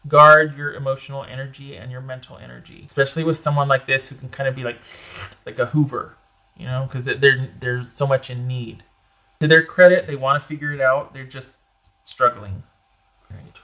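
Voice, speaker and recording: A man's voice: mid-range voice, pushed and bright. A man giving a casual tarot reading, rambling and chatty with lots of fillers, his voice getting a little crackly. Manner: chatty and rambling, with many "like" and "you know" fillers. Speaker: tarot reader.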